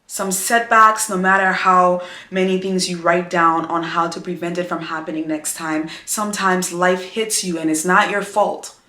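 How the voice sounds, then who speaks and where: A woman's voice: fairly low pitch, level tone, normal speed, hardly any pauses, sharp tone, reverberant. A woman vlogger talking to her viewers about faith, emotional and encouraging, speaking in a repetitive preaching cadence. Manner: addresses viewers as "girl". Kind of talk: heartfelt faith-based talk to camera.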